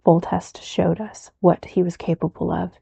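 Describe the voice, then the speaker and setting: A woman voicing a stern, grumbling male castellan in a soft whispered role-play reading. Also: fairly low pitch, level tone, moderate pace, gravelly, slightly rough, no room sound, heavily acted. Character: gruff wary male castellan, stern official.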